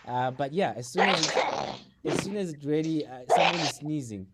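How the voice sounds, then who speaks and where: A man hosting an online talk show in casual chat, laughing often, repeating words and filling pauses with ums. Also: mid-range voice, very noisy. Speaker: show host.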